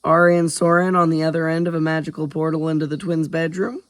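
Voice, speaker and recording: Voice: mid-range voice, level tone, fast, no room sound, voice pushed up, lightly acted. A man voicing a wry, impatient young man in a storybook reading. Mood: surprised.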